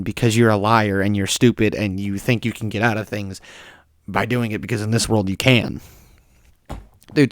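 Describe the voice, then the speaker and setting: A young man talks alone on his podcast, his voice hoarse from a recent cold. He speaks bluntly and heatedly, with a low, gravelly tone. The sound is close and dry. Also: no room sound. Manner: blunt, ranting. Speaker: podcast host. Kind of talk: solo podcast monologue.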